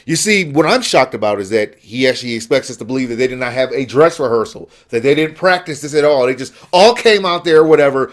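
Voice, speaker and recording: A man ranting heatedly about a gaming event, exasperated and sarcastic. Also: on the high side. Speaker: gaming vlogger. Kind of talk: angry rant.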